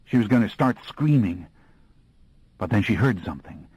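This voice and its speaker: A man's voice: fairly low pitch, lively intonation, normal speed, a little mellow, slightly rough, dry recording, rough recording. A man reading an audiobook in a folksy, slangy storytelling voice. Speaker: audiobook narrator. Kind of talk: scripted audiobook narration.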